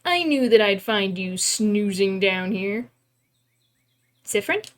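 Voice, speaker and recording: A woman's voice: medium pitch, lively intonation, slow pace. Mirabelle, a cheerful young woman read by a woman. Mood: affectionate. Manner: gentle, encouraging wake-up calls.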